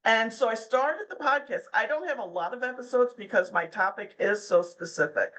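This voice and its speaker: A woman's voice: fairly high pitch, animated, normal speed, a bit bright, low-quality recording. A middle-aged woman, a podcast guest, chatting casually and telling stories, often slipping into the voices of the people she quotes. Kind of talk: casual interview chat.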